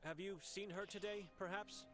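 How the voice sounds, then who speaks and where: A man's voice: high-pitched, fairly even intonation, normal speed, over music, voice pushed up, close to an everyday voice. A man voicing an earnest young male monk who urgently questions people about his missing sister, reading game dialogue aloud on a live stream.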